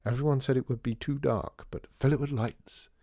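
A man voicing a brisk, theatrical disgraced store founder, wry and showy. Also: mid-range voice, fairly even intonation, dark tone, dry recording, studio quality, voice pushed up, natural voice.

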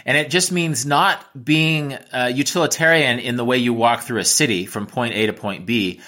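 Bright-voiced American man, reflective. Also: medium pitch, moderate pace. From United States. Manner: reflective, with frequent restarts. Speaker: travel writer and teacher. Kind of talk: interview answers.

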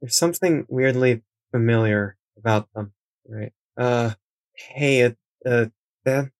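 A man's voice: medium pitch, no room sound. A man playing his character in a tabletop game, speaking hesitantly with many restarts. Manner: hesitant, halting, often restarts. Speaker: player. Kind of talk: tabletop role-play.

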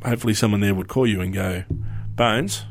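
A man's voice: lowish voice, fairly even intonation, rapid-fire, darkish tone, faint music behind. An Australian man in his forties hosting a podcast, chatting casually and rambling, acting out quoted phrases. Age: 40s. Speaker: podcast host. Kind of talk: casual chat.

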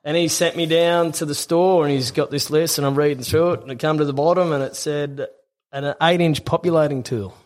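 A young man, a tradesman guest on a podcast, relaxed and chuckling as he tells a story from his apprenticeship. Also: on the high side, fairly quick. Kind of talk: casual storytelling.

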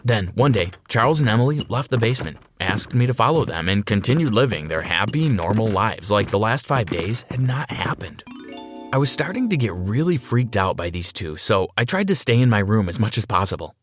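Expressive male storyteller. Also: on the low side, fairly quick. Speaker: narrator. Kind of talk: first-person story narration.

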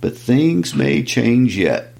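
A man voicing a calm, wry old male wizard while reading a book aloud. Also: medium pitch, slow, creaky, voice pushed up, full character voice.

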